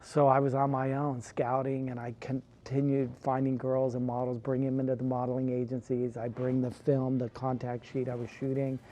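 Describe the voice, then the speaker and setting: A man's voice: mid-range voice, completely flat delivery, moderate pace, hardly any pauses, mellow. A man from California, a guest telling long rambling stories in a casual interview, leaning on "like" as he goes. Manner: rambling anecdotes with frequent "like". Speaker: guest, photographer.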